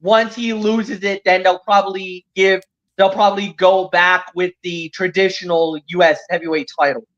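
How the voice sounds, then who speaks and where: A man hosting a casual wrestling recap chat, easygoing and agreeable, with halting fillers. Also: high-pitched, flat delivery, a bit bright, lo-fi sound. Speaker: podcast host.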